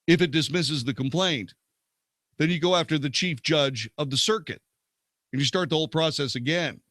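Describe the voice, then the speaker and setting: Reading legal passages on his show and adding commentary, a male host keeps a steady delivery but occasionally trips over words and fixes them. His fairly high voice is a bit bright, moving at a moderate pace with no echo.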